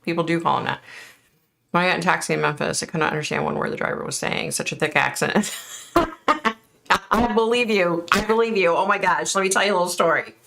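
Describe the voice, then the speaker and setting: Chatty woman with a low gravelly voice. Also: fast, a bit bright. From United States. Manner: chatty, laughs often, thanks viewers by name. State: overheated and sweating. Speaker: psychic hosting a live stream. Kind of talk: casual live-stream chat reading comments.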